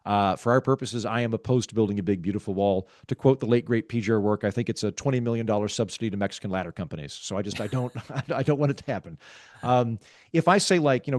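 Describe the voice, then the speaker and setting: Wry, calm-spoken man. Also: on the low side, dry recording. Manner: wry, self-aware, explains with examples; talks calmly, measured. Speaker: guest author. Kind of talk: conversational podcast interview.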